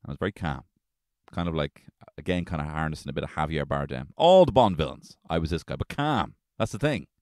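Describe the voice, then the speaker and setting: A man's voice: extremely low pitch, lively intonation, quick pace, no room sound, studio quality. A man hosting a podcast, rambling through a comic story with lots of "right?" and swearing. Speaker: podcast host. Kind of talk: comedic solo storytelling.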